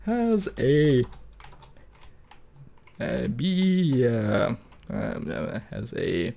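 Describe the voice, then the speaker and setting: A man narrating his own screen-recorded tutorial, in a slow, unhurried way. His pitch swings widely as he rambles, chuckles and drops the odd swear word, with keyboard typing clicking in the background. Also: huge pitch swings, creaky, dark tone. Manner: rambling, laughs often, swears casually. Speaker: YouTuber.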